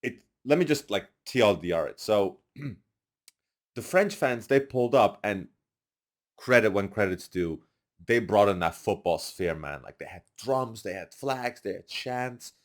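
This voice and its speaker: On a podcast, a young man with a lowish voice and a measured pace recounts stories casually, animatedly acting out what others said in loud quoted voices.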